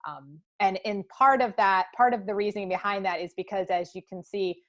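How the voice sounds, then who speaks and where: A woman's voice: mid-range voice, brisk, highs cut off. Woman explaining on a webinar, many ums. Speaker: webinar presenter. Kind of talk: live webinar Q&A.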